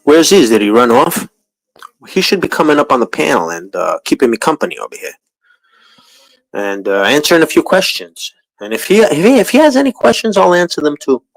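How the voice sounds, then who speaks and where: A man's voice: on the high side, very animated, fairly quick, dry recording, rough recording. A man with a New York accent hosting a livestream, rambling in crude, profane casual chat. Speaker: livestream host.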